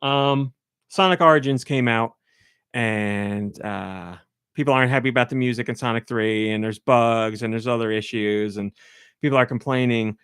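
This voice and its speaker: Male podcast host, mid pitch, dry close mic; loose, laughing, rambling delivery. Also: normal speed, a bit bright, clean tone, dry recording. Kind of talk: casual chat.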